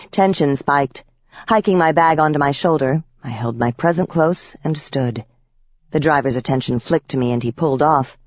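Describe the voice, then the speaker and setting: A woman narrating a first-person audiobook with a wry, lively storytelling manner. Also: sits low, dry recording, muffled recording.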